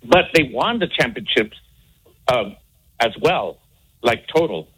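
A man from the San Antonio area calling in to a sports radio show, explaining a point haltingly and repeating words as he goes. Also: mid-range voice, sing-song, fairly bright tone, slightly rough, low-quality recording. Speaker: caller. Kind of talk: phone-in comment.

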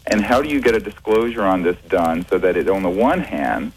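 A man being interviewed on radio as a researcher, speaking in a measured, hesitant way with many fillers and restarts. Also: low-pitched, animated, husky, rough recording. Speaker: guest, researcher.

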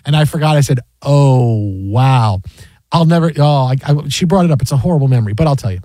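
High-voiced man hosting sports talk radio. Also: racing, no room sound. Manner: animated storyteller, acts out quotes in a high voice.

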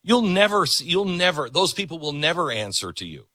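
A man's voice: fairly high pitch, very animated, fairly quick, pushed and bright, no echo. A middle-aged man hosting a political talk show, delivering an emphatic monologue and repeating words for emphasis.

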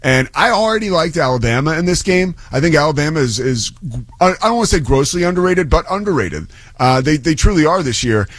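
A bright-toned, slightly high male voice, very animated and brisk, comes through a dry recording. He's a play-by-play broadcaster joining sports talk radio as a guest, bantering eagerly about college football and using lots of fillers.

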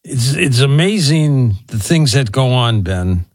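A man's voice: medium pitch, animated, takes it slowly, no room sound. A man hosting a radio talk show, asking a guest questions in a conversational way. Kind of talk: radio interview.

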